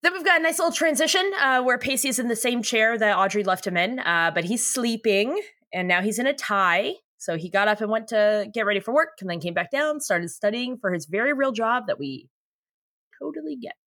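A woman's voice: a little high, lively intonation, fairly quick, fairly bright tone, no echo, studio quality. A woman co-hosting a podcast, recapping an episode in a chatty, profane way and laughing often. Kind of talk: casual chat.

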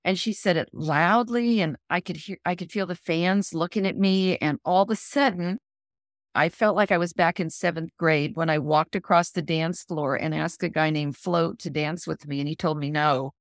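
Woman, middle-aged, animated storyteller, lowish voice, dry close sound. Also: normal speed, no room sound. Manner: animated storyteller acting out quoted lines, laughs. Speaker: guest author. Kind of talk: storytelling in a podcast interview.

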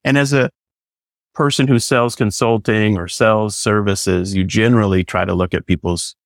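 A business consultant and coach chats on a casual podcast in a fairly low, gravelly voice, steady in tone and normal in speed. The studio-quality recording has no room sound. He talks enthusiastically but rambles loosely, leaning on fillers like "you know."

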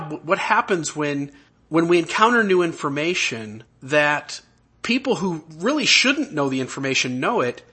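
A man hosting a conversational interview, his voice bright and a little husky, pitched somewhat high for a man. He speaks earnestly and haltingly, restarting phrases as he works his way toward a question. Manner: earnest, halting, searching for words. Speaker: podcast host.

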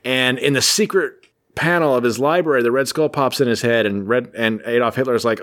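A man's voice: mid-range voice, a little fast, a bit bright. A man co-hosting a podcast, casually recapping a comic book in a jokey, rambling storytelling way. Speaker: podcast co-host.

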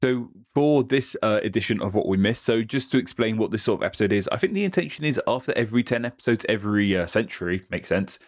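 A man co-hosting a history podcast, explaining things quickly and rambling a little. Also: on the low side, expressive, no echo, studio quality. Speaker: podcast co-host. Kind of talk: casual history podcast chat.

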